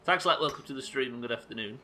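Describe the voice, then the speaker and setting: A man's voice: mid-range voice, quick pace, sharp tone, a little hiss or hum. A man giving live gameplay commentary, swearing and joking with his chat. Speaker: streamer.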